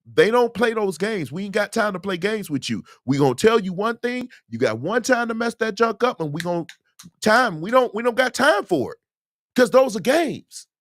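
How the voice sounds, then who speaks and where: Male host, casual livestream Q&A, emphatic and lively, high voice. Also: normal speed, no echo, studio quality. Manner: animated, emphatic, preachy asides. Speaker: host, musician.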